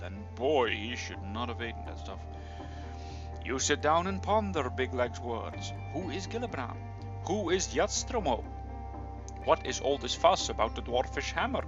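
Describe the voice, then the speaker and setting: A young man reading a fantasy gamebook aloud, playfully breaking in with joking asides, on a slightly dull recording. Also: medium pitch. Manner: playful, animated, breaks in with jokey comments. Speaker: reader of a gamebook.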